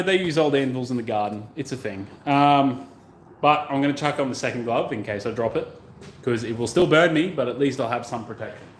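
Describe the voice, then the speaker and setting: A man livestreaming his blacksmithing, chatting in a relaxed way and explaining each step as he works. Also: mid-range voice. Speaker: hobby blacksmith streaming his work. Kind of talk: casual talk while working. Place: workshop forge. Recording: roomy, distant mic, loud workshop noise.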